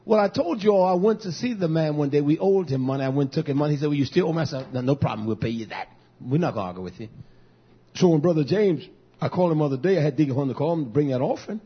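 A man preaching as pastor, telling stories and quoting himself in an animated way. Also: fairly high pitch, very fast, slightly rough, highs cut off. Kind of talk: sermon.

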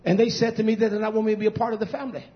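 A man preaching an impassioned sermon, swinging between low mutters and shouted outbursts, drawing out and repeating words for emphasis. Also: level tone, very fast. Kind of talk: fiery sermon. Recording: dull lo-fi recording.

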